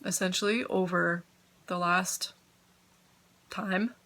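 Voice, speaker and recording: A woman's voice with a clear, bright edge, talking casually to her viewers from home. She is chatty and grateful, drifts off topic easily and sometimes talks with her mouth full. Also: on the low side, fairly even intonation, takes it slowly. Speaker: knitting podcaster. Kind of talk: casual chat to camera.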